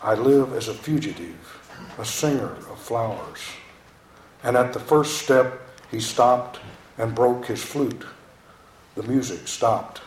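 A man reading poetry aloud in a slow, incantatory, dramatic way. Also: medium pitch, expressive, a little hiss or hum. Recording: roomy echo.

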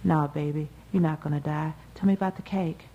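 Woman doing a hurt dad, breathy and soft, quiet low voice, storybook. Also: steady tone, fairly quick, phone-quality sound. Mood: tender. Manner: weak, breathy and tender. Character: injured father, gentle and breathless.

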